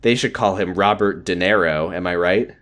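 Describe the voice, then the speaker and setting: A man's voice: sits low, normal speed, a bit bright. A man co-hosting a casual chat about a TV show. He retells scenes and quotes the characters with dry jokes. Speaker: podcast co-host.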